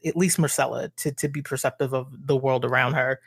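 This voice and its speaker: An easygoing man co-host speaks in an ordinary middle pitch. He lays out his thoughts slowly, in a relaxed and agreeable way. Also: vocal fry, breathy edge. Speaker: podcast co-host. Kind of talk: casual chat.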